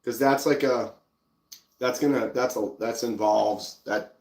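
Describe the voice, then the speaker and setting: A man's voice: medium pitch, unhurried, reverberant. A man with a Minnesotan accent, hosting a casual live stream and chatting easily while showing pocket knives. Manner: relaxed, chatty, reads out viewer comments.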